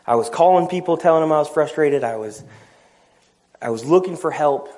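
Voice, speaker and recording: A man's voice: on the high side, lively intonation, brisk, a little mellow. A man preaching a sermon, telling a personal story, acting out the dialogue and laughing at himself.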